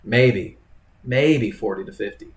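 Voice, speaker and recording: A man's voice: fairly low pitch, slow pace. A man leading a live trading webinar, talking casually to students by name and acting out traders' thoughts. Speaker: trading instructor. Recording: echoey room.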